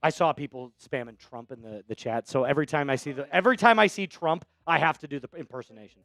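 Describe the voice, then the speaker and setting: A man hosting a live sports stream, hyped up and shouting out viewers in the chat. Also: medium pitch, fast, no echo, studio quality, faint music behind. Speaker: livestream host.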